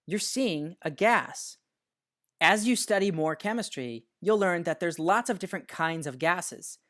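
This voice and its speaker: Lively, patient science lesson narrator. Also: mid-range voice. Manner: patient, explanatory, slows down to stress key words. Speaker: science teacher.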